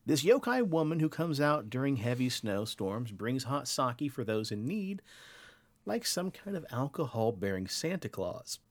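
A man's voice: mid-range voice, very animated, measured pace. A podcast host telling winter folklore tales in a casual, playful way, teasing his co-host.

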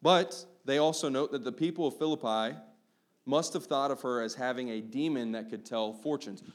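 A man's voice: medium pitch, moderate pace. A man preaching a sermon in a conversational style, often tossing in "right?" as he explains a Bible passage. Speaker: pastor.

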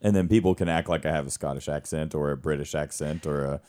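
A man, a stage actor and director, chatting casually and telling animated stories with frequent laughter. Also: extremely low pitch, fast talker. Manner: animated storyteller, laughs often. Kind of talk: casual conversation.

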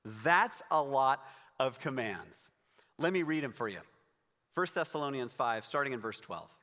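A man's voice: on the high side, animated, normal speed, pushed and bright, big-room sound. A man preaching a sermon in a conversational, encouraging way, reading scripture and explaining it. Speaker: pastor.

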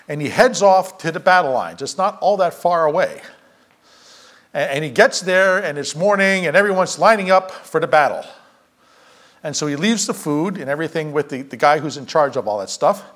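A man preaching a casual Bible story sermon, acting out the characters' lines as he tells it. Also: a little high. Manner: animated, acts out characters' lines.

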